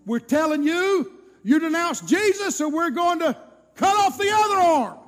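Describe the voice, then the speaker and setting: A man voicing a menacing armed male soldier who shouts threats, as a preacher acts out a story. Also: very high-pitched, animated, measured pace, long reverb tail, pitched above the performer's own voice. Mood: threatening.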